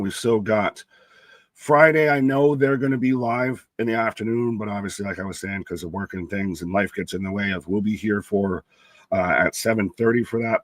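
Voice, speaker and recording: A young man co-hosts a live wrestling watch-along from a home setup, talking casually and greeting chatters by name. His voice sits low. The sound is dry and close to the mic. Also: no room sound. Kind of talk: casual live-stream chat, reading viewer comments.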